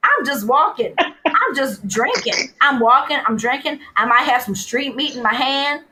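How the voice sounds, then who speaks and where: A woman, a guest telling wry, animated stories in casual chat. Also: high-pitched, moderate pace, a loud crowd, low-quality recording. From New Orleans, USA. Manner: animated, wry, laughing asides. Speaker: guest, food writer.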